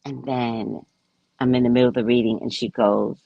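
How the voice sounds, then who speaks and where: A woman's voice: very deep voice, fairly even intonation, moderate pace, vocal fry, no room sound, muffled recording. A woman psychic reader talking casually to her viewers, emphatic and self-assured. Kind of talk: casual spiritual talk to viewers.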